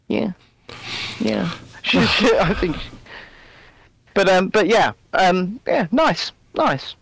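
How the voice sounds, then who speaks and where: A man's voice: high-pitched, animated, slow, gravelly, fairly bright tone, breathy edge, dry recording, low-quality recording. A man co-hosting a casual live stream from a remote video call, chatty and jokey, with frequent restarts. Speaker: co-host.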